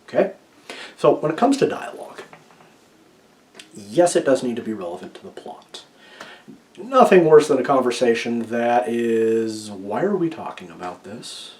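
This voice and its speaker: Talking to camera, this man offers writing tips in a relaxed, opinionated way, keeps asking "okay?", and alternates booming emphasis with hushed asides. His pitch is medium but swings widely, and he speaks a little slowly with frequent pauses.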